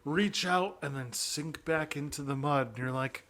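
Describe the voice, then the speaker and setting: A man with a fairly high voice co-hosts a loose podcast chat. He is animated and swears freely. He acts out characters as he talks. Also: unhurried. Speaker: podcast co-host.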